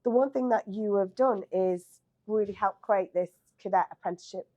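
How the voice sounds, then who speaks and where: A woman's voice: medium pitch, normal speed, dull audio. A woman hosting an interview, asking conversational, encouraging questions. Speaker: host. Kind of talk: podcast interview.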